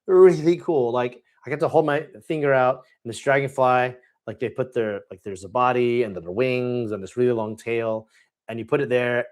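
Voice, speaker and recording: Male live-stream host, excitable, casual rambling delivery, frequent fillers. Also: mid-range voice. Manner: enthusiastic, rambling with many fillers. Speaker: board game channel host. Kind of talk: live Q&A chat.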